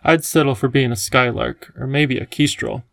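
A man voicing a wise, playful elderly male professor who talks in a gentle, enthusiastic teacherly way. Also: medium pitch, moderate pace, gravelly, no echo. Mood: kindly.

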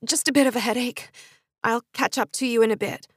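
A woman's voice: a little high, fairly even intonation, brisk, no echo, clean studio sound, voice pushed up, natural voice. A woman voicing a smug male businessman boyfriend in an audiobook story, offhand and condescending.

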